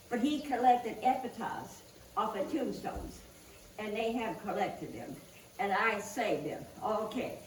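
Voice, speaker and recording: A woman tells jokes to a church congregation at an unhurried pace, often laughing at her own punchlines. Her voice sits a little high and reaches a distant mic. The room is echoey, with a faint hiss underneath. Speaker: guest speaker at a church service. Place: church hall.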